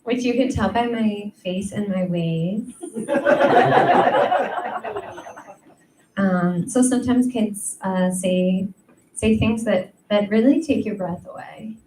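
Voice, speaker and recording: Slow, chatty woman doing stand-up in an echoey room. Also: medium pitch, expressive. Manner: chatty, self-deprecating, many ums and likes. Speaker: stand-up comedian. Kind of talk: stand-up comedy set. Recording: echoey room, mic at a distance, faint noise.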